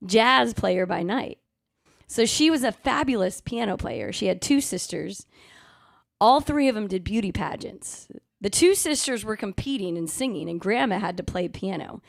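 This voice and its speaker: A woman's voice: mid-range voice, creaky, dry recording, studio quality. A woman singer chatting casually and telling stories between songs on a live music show. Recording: live music playing behind the voice.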